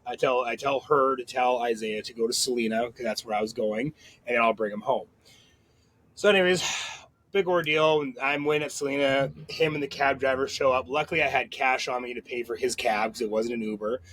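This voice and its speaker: A man in an easygoing podcast conversation, spinning a long, winding story at a middling pitch. He drifts into asides and swears freely, over a faint hum of background noise. It sounds like relaxed, unscripted chat. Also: brisk, poor audio. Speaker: podcast host. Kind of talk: casual chat.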